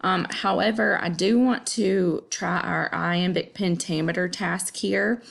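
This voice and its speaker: A woman teacher walks through poetry meter in a relaxed classroom manner, her voice sitting fairly low with a gravelly edge. She keeps things chatty and checks in with her listener every few lines. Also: slow pace. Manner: chatty, checks in with "okay?" often. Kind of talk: casual classroom explanation.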